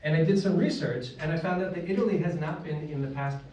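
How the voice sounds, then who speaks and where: A man's voice: fairly high pitch, quick pace. A young American man doing a stand-up set, with dry, self-deprecating punchlines and banter with the crowd. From United States. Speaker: stand-up comedian. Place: comedy club stage, live audience. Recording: echoey room, distant mic, loud noise.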